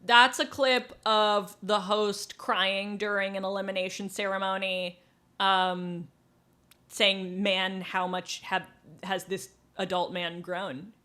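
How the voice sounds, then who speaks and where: A woman co-hosting a comedy podcast in casual chat, deadpan, acting out quotes. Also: medium pitch, slow, faint music behind. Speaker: podcast co-host.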